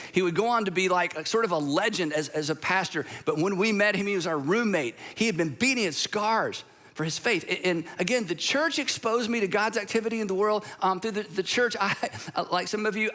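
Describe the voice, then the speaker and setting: A man with a high-pitched, slightly bright voice preaches as pastor in a church auditorium. He's from Georgia in the United States and tells his stories conversationally, adding humorous asides.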